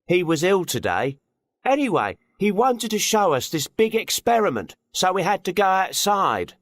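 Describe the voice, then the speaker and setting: A man voicing a schoolboy in a textbook listening dialogue, telling a friend a story in a lively way. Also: high voice, normal speed, dry recording, studio quality.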